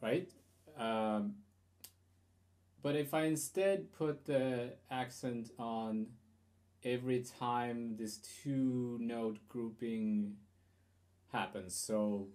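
Mellow-voiced man teaching guitar. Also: medium pitch, drawn-out words, long pauses. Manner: hesitant, explanatory, many fillers and restarts. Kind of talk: instructional guitar lesson.

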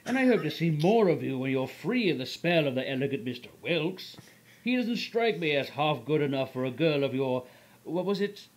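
A man voicing a smooth, mocking gentleman rogue in a fan-made dub, with a posh, teasing manner. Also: a little high, sing-song, moderate pace. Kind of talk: fan voice acting.

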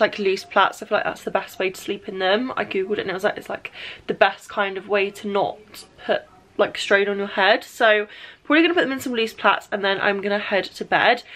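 A woman's voice: mid-range voice, fairly bright tone. A young woman chatting casually at home in a vlog, peppering her talk with "literally". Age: young adult. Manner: chatty, says "literally" constantly. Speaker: vlogger.

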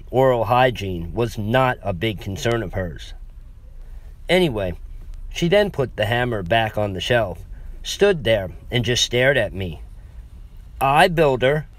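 A man narrating a first-person story in a wry, conversational way with asides to the listener. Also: fairly low pitch.

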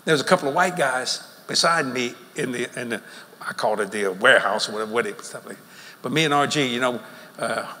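Animated preacher in a big hall. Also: male voice, mid-range voice, fast. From Louisiana, USA. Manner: folksy, animated, laughing between lines. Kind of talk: sermon. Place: large church auditorium. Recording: long hall reverb with faint crowd ambience.

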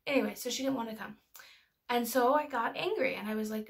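Chatty mother teaching parents, fry-heavy, slightly high. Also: brisk. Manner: chatty, storytelling, lots of filler words. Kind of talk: casual educational talk.

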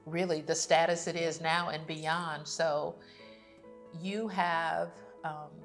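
A woman speaking in a slightly low voice, giving a heartfelt tribute as a daughter. She sounds affectionate and close to tears, with faint music playing behind her. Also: level tone, slow pace. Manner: emotional, affectionate, near tears.

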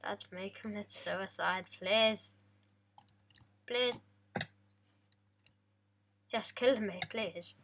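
Bright, playful young gamer woman. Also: medium pitch, very slow, pauses often, a little hiss or hum. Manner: joking, chatty, playful, talks to animals in game. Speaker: gaming vlogger. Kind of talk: casual game commentary.

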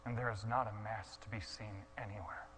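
Impassioned bright-voiced male storyteller. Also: lowish voice, steady tone, a little fast, slight background noise, rough recording. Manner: impassioned, swings from hushed to shouting. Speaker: guest speaker. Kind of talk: dramatic storytelling sermon.

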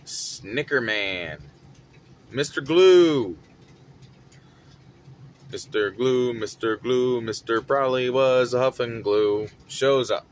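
A man telling a story from his retail job in an animated, dramatic way. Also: mid-range voice, slow pace, long pauses. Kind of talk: casual storytelling vlog.

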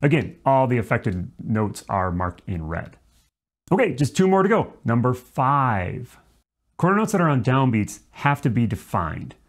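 Mid-range in pitch and very animated, this man still keeps a measured pace as he teaches music. He explains the rules one step at a time, now and then singing brief syllables to illustrate.

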